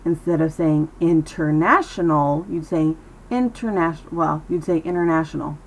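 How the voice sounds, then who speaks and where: A woman teaching a pronunciation lesson, slow and careful, repeating sounds for the learner. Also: low-pitched, mellow, slightly rough, poor audio.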